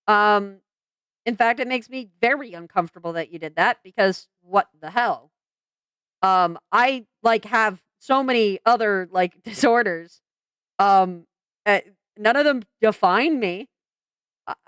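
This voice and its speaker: A woman's voice: a little high, measured pace, fairly bright tone, clean tone, no echo. A woman venting in a commentary vlog, frank and exasperated, swearing and restarting her sentences with lots of fillers. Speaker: vlogger.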